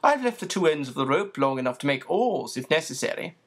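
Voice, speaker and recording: Storybook magician, male, sardonic and crisp, formal commanding delivery, sits a little higher than the narration, as a reader puts him on. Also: sing-song, brisk. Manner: precise, formal, dry and commanding. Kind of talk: audiobook character voice.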